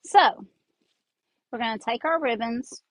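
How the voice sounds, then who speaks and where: A woman's voice: fairly high pitch, measured pace, poor audio. Chatty Southern woman with a twang. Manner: chatty, rambling, talks while working with her hands. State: congested from sinuses. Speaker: craft host. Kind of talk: casual craft tutorial chat. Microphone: earbud mic.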